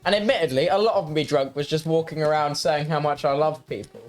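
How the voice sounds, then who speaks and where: A man's voice: on the high side, brisk, faint music behind. A young man, a guest on a casual stream, bantering in a teasing, easygoing way. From United Kingdom. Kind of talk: casual chat.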